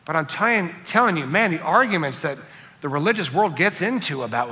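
A man preaching a sermon in a conversational, animated way, acting out quotes in other voices. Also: a little high, fairly quick, big-room sound. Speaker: pastor.

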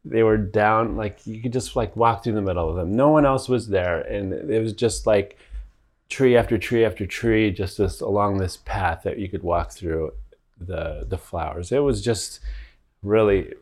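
A man's voice: fairly low pitch, moderate pace, darkish tone. A man co-hosting a podcast, telling a story in casual chat, rambling with many fillers and frequent laughs. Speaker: podcast co-host.

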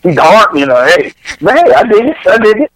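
A man's voice: high voice, sing-song, a little fast, crowd noise, rough recording. A man co-hosting a casual sports radio show, cracking playful jokes. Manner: joking, playful asides. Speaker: radio co-host.

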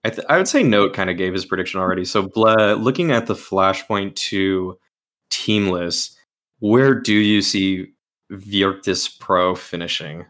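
Guy hosting an esports podcast, kinda low voice, rambly with lots of likes. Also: moderate pace, fairly bright tone. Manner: rambling, many fillers and restarts. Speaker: podcast host. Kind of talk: casual esports chat.

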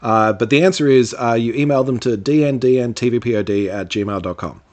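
A man's voice: mid-range voice, fairly quick, a little mellow. A man co-hosting a casual podcast, rambling through answers with fillers and restarts. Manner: rambling, lots of fillers and restarts, laughs easily. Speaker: podcast co-host. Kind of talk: casual chat.

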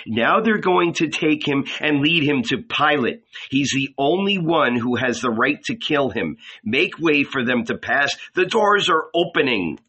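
A man's voice: medium pitch, expressive, a little slow, hardly any pauses, sharp tone, breathy edge, pitched above the performer's own voice, exaggerated voice. A man voicing an anxious male temple messenger who announces news urgently. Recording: slightly dull lo-fi recording.

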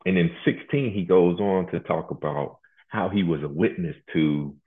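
A man preaching a sermon in a halting, colloquial way, often repeating words as he searches for them. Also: deep voice. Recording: tinny phone-like line.

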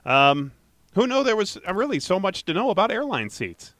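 A man's voice: sits high, sing-song, moderate pace, a bit bright, dry recording. A man hosting a casual podcast, upbeat and chatty, reading out a call-in number and plugging next week's show. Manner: upbeat, chatty, laughs easily. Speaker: podcast host.

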